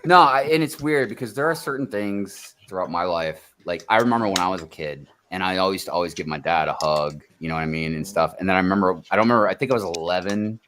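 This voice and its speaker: An American man co-hosting a live stream, chatting casually and telling lively stories with bursts of laughter. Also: fast, hardly any pauses, a little hiss or hum. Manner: animated storyteller, bursts into high laughs. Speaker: co-host of a building live stream. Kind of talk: casual chat.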